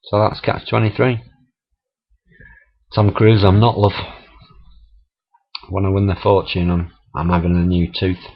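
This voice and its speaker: A middle-aged man tells his stories in a casual, chatty way, laughing and swearing as he goes. His voice sits low and a little husky. The sound is dull and lo-fi, like an old camera mic. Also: flat delivery, measured pace, long pauses. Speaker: vlogger. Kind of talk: casual storytelling monologue.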